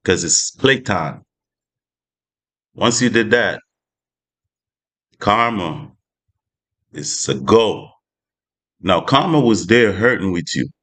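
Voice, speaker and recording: A man's voice: fairly low pitch, big pitch swings, takes it slowly, long pauses, a bit bright. A man giving a casual spiritual talk, loose and conversational with many "you know" asides. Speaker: spiritual vlogger.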